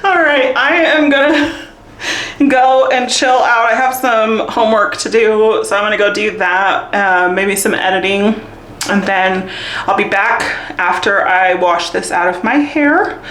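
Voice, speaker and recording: A woman's voice: medium pitch, unhurried, fairly bright tone. Chatty woman vlogging in an echoey room. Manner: candid, chatty, laughs often. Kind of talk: casual chat to camera.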